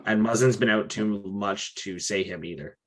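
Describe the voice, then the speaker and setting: A young man co-hosting a podcast, chatting casually about hockey in animated bursts and often tagging his points with "right?". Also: fairly low pitch. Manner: animated, talks in quick bursts with frequent "right?". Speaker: podcast co-host. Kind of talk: casual sports chat.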